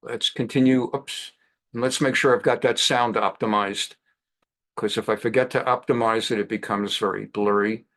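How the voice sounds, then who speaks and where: A man in his sixties, a rabbi hosting a weekly program, telling anecdotes in a chatty, animated way with frequent restarts. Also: on the low side, normal speed. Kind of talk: anecdotal monologue.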